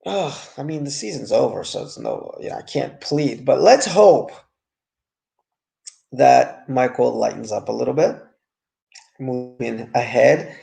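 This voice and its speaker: A man's voice: medium pitch, expressive, unhurried, gravelly, mellow. A man giving a casual, frank, rambling review of a TV series episode.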